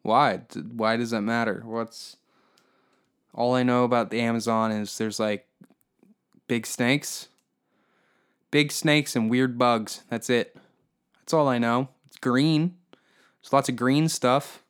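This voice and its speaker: A man's voice: mid-range voice, steady tone, slow pace, pauses often, clear, resonant tone. A man hosting a solo comedy podcast, rambling in a profane, mocking rant. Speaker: podcast host.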